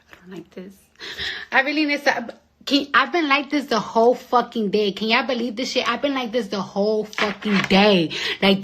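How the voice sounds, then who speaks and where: A young woman chatting on a phone live stream at home, profane and rambling, swinging from loud outbursts to hushed whispers. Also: medium pitch, slight background noise. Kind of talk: casual live-stream chat.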